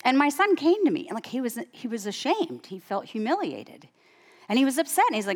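A woman in her forties or fifties preaching a sermon as a guest speaker, telling a personal story with animated, emphatic rises in her voice. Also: brisk. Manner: animated, rising to high emphatic peaks. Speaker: guest speaker and women's Bible teacher.

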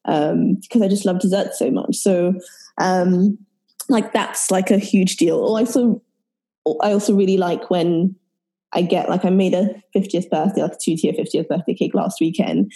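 Husky-voiced British woman chatting casually. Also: lowish voice, steady tone, normal speed, warm tone. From United Kingdom. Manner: rambling, filler-heavy, self-correcting. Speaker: guest, baker. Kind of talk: casual podcast interview.

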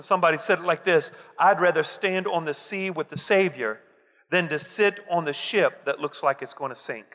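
A man's voice: a little high, bright, forceful tone. A man preaching a sermon, calling on the congregation to answer him. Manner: preaching with call-and-response to the congregation. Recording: dull lo-fi audio with long hall reverb.

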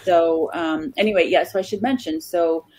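Husky-voiced woman telling stories on a podcast. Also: lowish voice, moderate pace, darkish tone. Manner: chatty, many ums and restarts. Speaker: guest author. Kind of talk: casual interview storytelling.

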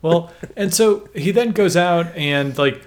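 A man's voice: a little high, slow pace, slight background noise. A man co-hosting a podcast, chatting casually about a TV episode with wry, profane asides. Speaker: podcast co-host. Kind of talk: casual recap chat.

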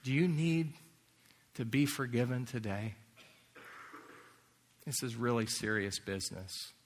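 A man preaching a sermon in earnest, sometimes dropping to a hushed near-whisper. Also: medium pitch, fairly even intonation, unhurried. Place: large hall or chapel. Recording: long hall reverb.

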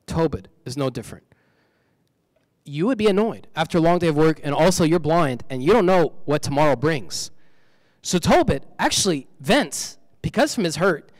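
A man's voice: sits high, no echo, in a large hall. A man preaching a sermon in a conversational way, repeating key phrases for emphasis.

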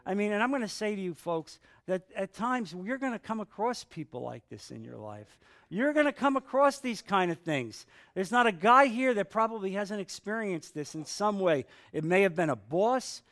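A man in middle age leads a Bible study group, reading scripture aloud in a slightly high voice. Between verses he drops into casual, joking commentary for the group. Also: sing-song, normal speed, fairly bright tone. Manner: reads aloud then breaks off with casual asides and humor.

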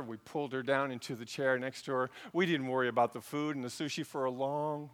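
Bright-voiced storytelling pastor. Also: male voice, medium pitch, in a large hall. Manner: storytelling, swings from hushed to loud. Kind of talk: sermon.

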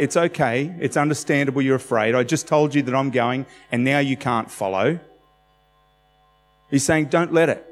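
A man preaching a conversational sermon, animated and laughing often as he talks. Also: medium pitch. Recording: hall reverb with faint music.

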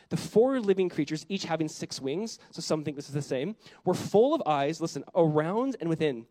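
A male pastor preaching a sermon in an animated way, asking the congregation questions and dropping to a soft voice on quiet points. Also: a little high, no room sound. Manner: drops to a soft, quiet voice on reflective lines.

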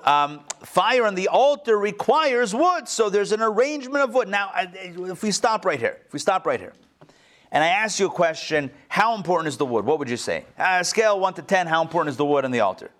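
A man's voice: a little high, fairly bright tone. A man casually teaching a study class, asking the group questions and making joking asides.

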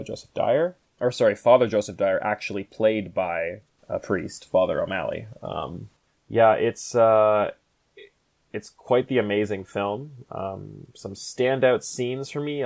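Gravelly low-voiced man reviewing films. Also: darkish tone. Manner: rambling, enthusiastic, many fillers and restarts. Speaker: podcast host. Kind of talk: casual film review monologue.

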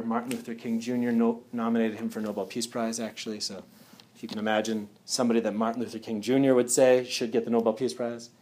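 A man's voice: mid-range voice, a little mellow, a little hiss or hum. Man giving a chatty wellness talk. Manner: conversational, checks in often with "yeah?" and "right?". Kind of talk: casual talk to a live audience.

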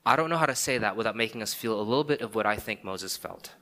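A man's voice: on the low side, lively intonation, fast talker, pushed and bright. A man preaching a sermon, speaking emphatically and asking many rhetorical questions. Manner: emphatic, rhetorical questions, frequent "okay" and "right". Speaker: pastor.

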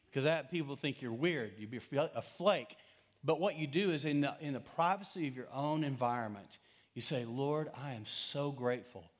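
A middle-aged pastor delivers a sermon in a church. His preaching stays casual and down-home, with steady rhetorical questions to the congregation. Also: mid-range voice. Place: church sanctuary.

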